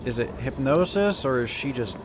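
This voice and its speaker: A young man streaming a horror game, reacting in jokey, sarcastic, animated chat. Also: mid-range voice, moderate pace, noisy background. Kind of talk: casual gaming livestream commentary.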